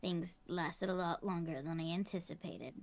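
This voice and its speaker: A woman voicing a cunning, smug female murderer with a gravelly, evasive, taunting manner. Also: fairly low pitch, normal speed, darkish tone, lightly acted. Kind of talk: voicing game dialogue.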